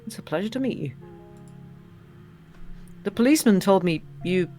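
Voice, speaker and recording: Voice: medium pitch, expressive, moderate pace, a little mellow, soft background music, natural voice. A streamer voicing a grieving young man in a game, read out in an earnest, plain way.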